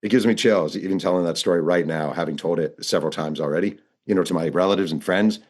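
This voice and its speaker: Low-voiced man telling a vivid story. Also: quick pace, darkish tone. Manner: vivid narrator, acts out quoted dialogue. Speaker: author and guest. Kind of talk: storytelling interview answers.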